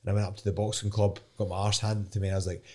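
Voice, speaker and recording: Young Scottish fighter, lowish voice, frank and meandering in a sit-down interview. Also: male voice, level tone, rapid-fire, dark tone. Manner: candid, rambling, swears casually. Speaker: professional fighter. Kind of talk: casual interview chat.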